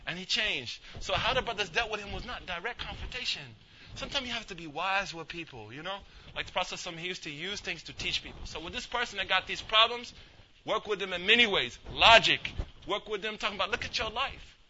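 A man's voice: sits high, a little fast, bright, forceful tone, a little hiss or hum. A male imam giving a casual, storytelling religious talk. He acts out the people in his story and mixes street slang with Arabic religious phrases. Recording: dull lo-fi recording.

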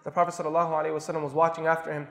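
A man's voice: a little high, flat delivery, very fast, long reverb tail. A man telling a story in an impassioned sermon, repeating phrases for emphasis. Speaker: preacher.

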